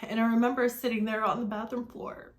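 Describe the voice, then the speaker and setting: A woman's voice: a little high, little pitch movement, fairly quick. A woman in her forties telling her own life story in an earnest, reflective way, with many fillers and restarts. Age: 40s. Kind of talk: personal storytelling to camera.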